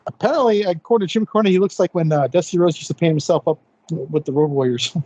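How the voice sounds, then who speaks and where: A man's voice: on the high side, fast talker, dark tone, lo-fi sound. A man co-hosting a casual podcast, chiming in with teasing wisecracks. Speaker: podcast co-host. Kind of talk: casual chat.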